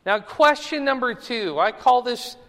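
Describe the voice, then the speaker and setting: A man's voice: extremely high pitch, expressive, a little slow, fairly bright tone, in a large hall. A man teaching a Bible study in a conversational way, often checking in with his listeners with "right?" and "okay?".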